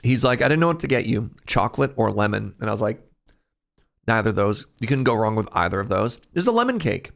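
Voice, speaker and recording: A man's voice: on the low side, fast talker, gravelly. A man streaming live, chatting casually with his viewers in a jokey, talkative way and laughing often.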